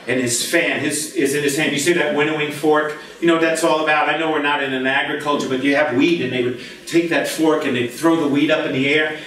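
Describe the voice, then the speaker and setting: A man preaching a lively, conversational sermon as pastor, joking with the congregation and breaking into shouts. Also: on the high side, distant mic. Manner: animated, jokey, bursts into shouts. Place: church sanctuary. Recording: echoey church from the back.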